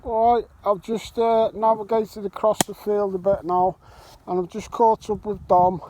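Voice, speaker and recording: A man's voice: high voice, flat delivery, measured pace. Cheery man filming outdoors. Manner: cheery, chatty narration. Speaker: metal detecting vlogger filming the hunt. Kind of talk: casual on-camera chat. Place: open farm field outdoors. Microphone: handheld camera. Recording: outdoor noise in a field.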